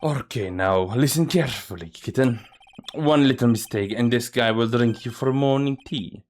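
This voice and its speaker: A man voicing a cool, smooth-talking male veteran lawyer who teases in a slow drawl. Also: mid-range voice, darkish tone, a little hiss or hum, natural voice. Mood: teasing. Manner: laid-back, teasing, slow drawl.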